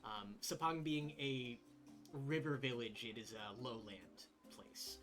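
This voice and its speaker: A man narrating a tabletop role-playing game as game master, relaxed and descriptive with frequent fillers. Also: mid-range voice, takes it slowly, soft background music.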